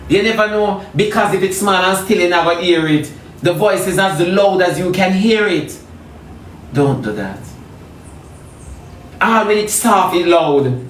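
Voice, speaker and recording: A man with a Jamaican accent preaching a lively comic sermon, swinging between loud exhortation and low murmured prayer. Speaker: comedic preacher. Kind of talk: animated street sermon with prayer. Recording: echoey room from a distance with faint hum.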